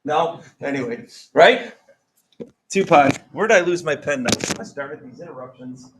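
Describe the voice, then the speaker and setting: A man's voice: fairly high pitch, a little fast, noisy background. Joking man teaching a math class. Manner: joking, quizzing students with countdowns. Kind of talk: classroom lesson.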